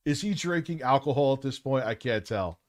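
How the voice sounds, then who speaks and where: A man's voice: mid-range voice, expressive, a little fast, no room sound, studio quality. A man hosting a livestream, reacting to clips with mocking, combative commentary. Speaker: livestream host.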